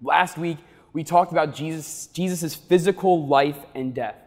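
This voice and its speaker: A man preaching a sermon as pastor, emphatic, slowing down to stress key words. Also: a little high, darkish tone. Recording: long reverb of a large hall.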